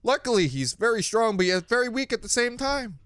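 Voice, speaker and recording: A young man hosting a reaction video, talking casually with jokes and swearing, and yelping loudly when something startles him. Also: very high voice, big pitch swings, a little fast. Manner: jumpy, loud exclamations when startled; swears freely, jokey.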